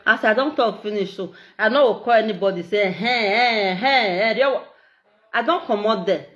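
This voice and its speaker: A middle-aged Nigerian woman with an Edo accent, talking in a casual, animated, repetitive way and laughing often. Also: mid-range voice, brisk, dull audio. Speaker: social media live streamer. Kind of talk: casual monologue in Pidgin and Edo.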